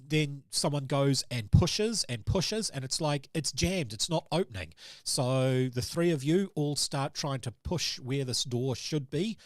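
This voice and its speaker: A man's voice: mid-range voice, no echo, studio quality. A man as game master, narrating a tabletop horror game in a loose, rambling way, full of ums and sort-ofs.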